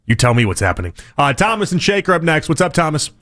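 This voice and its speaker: A man hosting a sports talk radio show, joking and mock-outraged in quick banter. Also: a little high, very animated, fairly bright tone.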